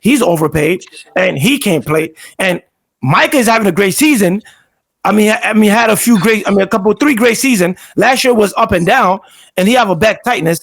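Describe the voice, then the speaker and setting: A man with a high, gravelly voice hosts a casual sports debate. He rambles in an animated way and keeps restarting his thoughts. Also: a little fast. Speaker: sports talk host.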